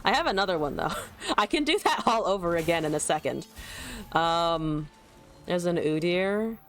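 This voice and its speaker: A woman's voice: lowish voice, lively intonation, moderate pace, a bit bright, soft background music. A woman streaming a card game, chatting casually, swearing and laughing as she plays. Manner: chatty, swears, laughs often, talks to chat. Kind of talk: casual gameplay commentary.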